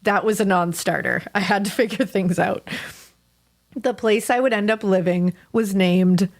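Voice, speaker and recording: A woman's voice: medium pitch, normal speed. A woman co-hosting a podcast, chatting casually and reading a listener's story aloud with frequent laughs and casual swearing. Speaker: podcast co-host.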